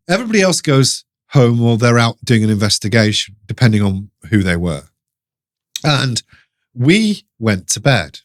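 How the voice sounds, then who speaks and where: A middle-aged man telling a ghost story in an interview, animated, laughing often and restarting his sentences. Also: medium pitch. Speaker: guest storyteller.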